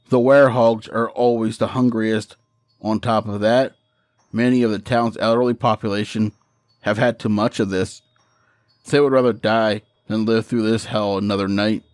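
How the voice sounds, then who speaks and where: A man's voice: lowish voice, smooth, dry recording, clean studio sound. A man reading a first-person horror story in a matter-of-fact, profane storytelling manner.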